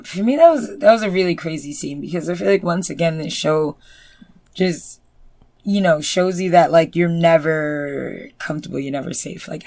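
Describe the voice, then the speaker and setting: Gravelly-voiced woman chatting casually. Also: deep voice, no room sound. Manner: animated, uses many fillers. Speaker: podcast co-host. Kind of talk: casual review chat.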